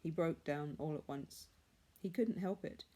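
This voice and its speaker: A woman reading a classic story aloud in a measured, hushed manner. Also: deep voice. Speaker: reader.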